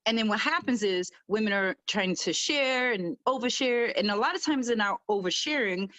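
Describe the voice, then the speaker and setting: Emphatic, animated woman on a panel. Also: on the high side, moderate pace, no echo. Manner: animated, emphatic, laughs often, acts out quotes. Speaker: panelist, military veteran. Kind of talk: casual round-table chat.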